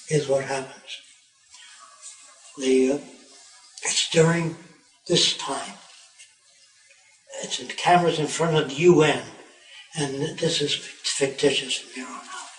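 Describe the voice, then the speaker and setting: A man telling a long story in a conversational way, with restarts and retold scenes. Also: a little high. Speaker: tour guide and speaker. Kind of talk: rambling spoken storytelling. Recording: roomy, distant mic, faint background.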